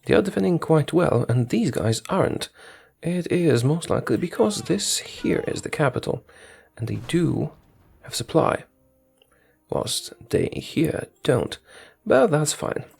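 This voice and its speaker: A man with a gravelly, slightly husky voice narrates his strategy game in a casual, thinking-aloud way. His pitch moves a lot, rising and falling as he talks straight to his units and corrects himself mid-thought. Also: sing-song, measured pace, a little mellow. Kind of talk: casual gameplay commentary.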